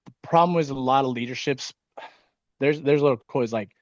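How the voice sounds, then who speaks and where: A man who leads an insurance sales team talks casually on a video call, fast and nervous from caffeine, swearing often. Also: mid-range voice, dry recording, highs cut off. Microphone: video call microphone.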